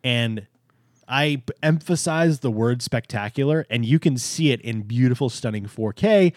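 A man co-hosting a casual podcast. He sounds a little hoarse but stays enthusiastic and emphatic, with a joking streak. His voice sits at a middle pitch and is recorded close on a dry mic. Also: animated, normal speed, no room sound. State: slightly hoarse from allergies. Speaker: podcast co-host. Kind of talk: casual chat.

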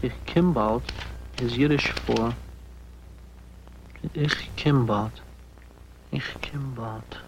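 An actor playing a calm male narrator in a film, measured storytelling, dropping to a hush on repeated words. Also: mid-range voice, background noise.

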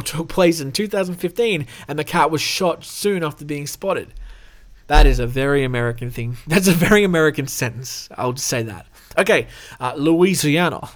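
A man hosting a reaction video, reading an article aloud and breaking off for joking asides, swearing freely and chuckling mid-sentence. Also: medium pitch.

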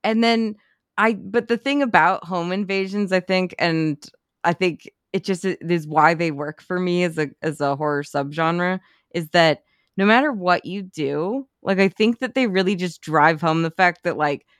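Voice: mid-range voice, moderate pace, fairly bright tone, no room sound, clean studio sound. A podcast co-host in casual movie chat, talking in a chatty way, swearing often and using lots of "like" fillers.

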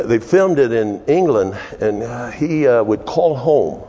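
Pastor, middle-aged man, animated storytelling sermon, reverberant church hall. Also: mid-range voice. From Texas. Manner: animated storyteller, chuckling, acting out voices. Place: church sanctuary.

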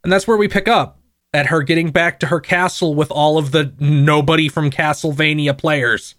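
A man co-hosting a podcast, sarcastically steering a casual review of an animated series. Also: on the high side, normal speed, no room sound, studio quality. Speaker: podcast co-host. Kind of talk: casual chat reviewing a show.

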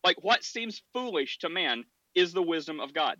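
Animated, stammering man hosting a podcast. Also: a little high, normal speed, no echo, lo-fi sound. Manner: animated, stammering restarts, frequent laughs. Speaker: podcast host. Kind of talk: casual debate chat.

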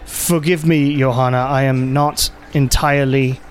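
A man voicing Sabrina, a worried, soft-spoken young noblewoman in a tabletop game. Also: mid-range voice, fairly even intonation, unhurried, soft background music, lightly acted.

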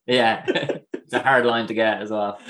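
A man's voice: fairly low pitch, steady tone, slow pace, fairly bright tone. An Irish man, an actor, chatting as a guest in an interview, full of fillers and easy laughter. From Ireland. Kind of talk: casual interview chat.

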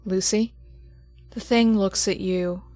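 A woman game master narrating a horror tabletop game slowly and dramatically, often dropping to near whispers for suspense. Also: medium pitch, fairly even intonation, warm tone, no room sound, studio quality, soft background music.

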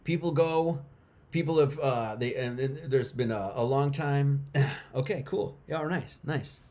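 Speaking a little slowly in a mellow, mid-range voice, a middle-aged man hosts a casual livestream. He talks to his chat emphatically and circles back over his points for effect.

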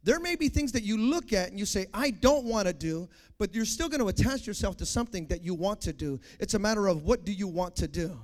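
High-voiced preacher, soft to shouting. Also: male voice, lively intonation, fast talker, few pauses. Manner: call-and-response preaching, repeats phrases, swings from soft to shouting. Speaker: pastor. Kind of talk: sermon.

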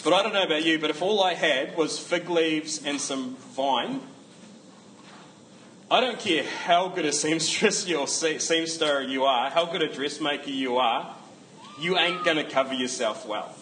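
A man's voice: a little high, moderate pace, a bit bright, slight background noise, rough recording. A man preaching a casual sermon, joking asides and emphatic repetition.

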